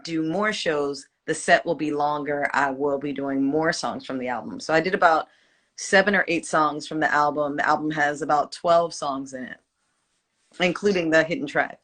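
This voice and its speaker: Woman singer, forties, bright voice, loose reflective talk. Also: sits low, moderate pace. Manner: reflective, loose with many fillers. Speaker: singer guest. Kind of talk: casual interview chat.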